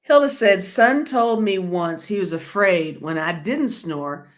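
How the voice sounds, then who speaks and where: A woman's voice: medium pitch, animated, unhurried. A woman hosting a casual livestream, reading viewer comments aloud and laughing along in a chatty way. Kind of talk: casual live-stream chat.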